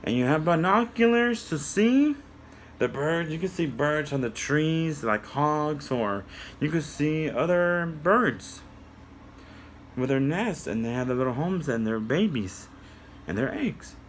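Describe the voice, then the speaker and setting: A man reading and retelling a story to children, talking to them directly in an animated way. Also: fairly high pitch, a little hiss or hum. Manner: slow, animated, addresses kids directly.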